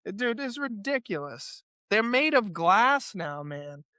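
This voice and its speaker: A man's voice: sits high, big pitch swings, measured pace, bright, forceful tone, no echo, studio quality. A man co-hosting a casual sports podcast, who sounds exasperated and mocking. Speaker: podcast co-host.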